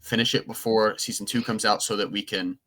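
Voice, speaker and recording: Young man, podcast co-host, bright voice, lowish pitch, rambling casual chat. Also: steady tone, fairly quick. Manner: rambling, restarts often.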